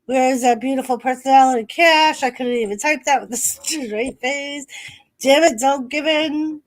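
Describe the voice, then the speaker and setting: A woman's voice: sits high, normal speed. A middle-aged woman hosting a live watch-party stream, chatting casually, reading viewers' messages aloud and laughing often.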